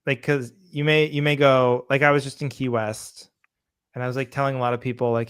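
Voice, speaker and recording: A man co-hosting a casual comedy podcast, telling stories with energy and jumping into a higher voice to act out what other people say. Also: brisk, clear, resonant tone. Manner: animated storytelling, acts out others' lines in a higher voice. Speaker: podcast co-host.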